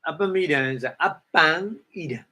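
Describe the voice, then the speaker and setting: A man teaching a dharma lecture in halting English, explaining Pali terms word by word and often asking "huh?". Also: on the high side, pushed and bright. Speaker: Buddhist meditation teacher.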